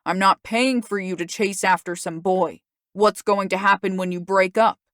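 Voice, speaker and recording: A woman's voice: mid-range voice, steady tone, normal speed, no room sound, clean studio sound, natural voice. A woman reading an audiobook, voicing a stern, angry father who snaps sarcastically at his teenage daughter. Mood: furious. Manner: loud, snapping, sarcastic.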